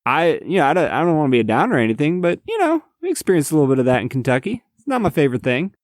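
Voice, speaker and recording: A man's voice: a little high, very animated, racing, dry recording, studio quality. A young adult man co-hosting a podcast in a laid-back, reflective way, calling his friend man and dude. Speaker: podcast co-host. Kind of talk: casual chat.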